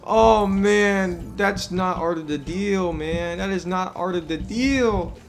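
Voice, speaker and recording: A woman doing unscripted gameplay commentary, excitable and swearing constantly, panicky and self-mocking, rambling with fillers. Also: lowish voice, slow pace, slight background noise. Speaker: gaming YouTuber.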